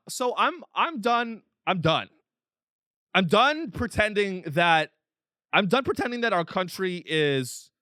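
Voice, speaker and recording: A man's voice: sits high, sharp tone, smooth, no echo, studio quality. A man hosting a podcast, ranting with profanity and exasperation, slipping into mocking voices of other people. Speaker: podcast host. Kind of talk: comedic rant.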